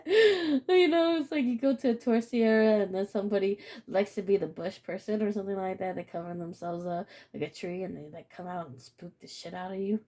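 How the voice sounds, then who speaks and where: A woman's voice: mid-range voice, mellow. Blunt, swearing woman tarot reader. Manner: blunt, swears freely, repeats phrases, laughs often. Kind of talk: casual spiritual reading to camera.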